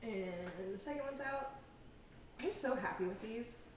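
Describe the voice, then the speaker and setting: A woman's voice: mid-range voice, animated, a little slow, background noise. A young woman hosting a home cooking show, chatting and giggling casually as she cooks. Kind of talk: casual chat while cooking. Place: home kitchen. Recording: echoey kitchen, mic far off.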